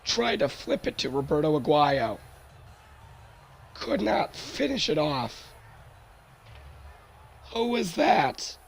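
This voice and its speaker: A hoarse young man doing play-by-play commentary of a football game, his worn-out voice jumping high on big plays. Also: big pitch swings, takes it slowly, long pauses. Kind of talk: solo sports commentary over a video game.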